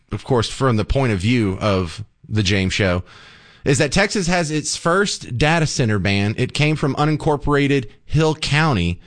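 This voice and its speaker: Male talk radio host, casual joking monologue, animated delivery, studio mic. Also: medium pitch. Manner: joking, animated, with frequent restarts. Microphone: studio broadcast mic.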